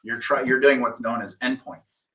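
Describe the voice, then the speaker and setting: A man's voice: mid-range voice, steady tone, normal speed, pushed and bright, distant mic. A man insistently lecturing a younger colleague in a heated casual argument. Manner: insistent, lecturing, mimics others. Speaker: mentor. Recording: echoey room, off-mic.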